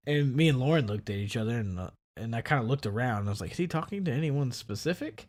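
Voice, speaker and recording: A man co-hosting a podcast, telling a story in casual chat and acting out the people in it. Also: quick pace. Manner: animated, acts out quoted people with big pitch jumps. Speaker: podcast co-host.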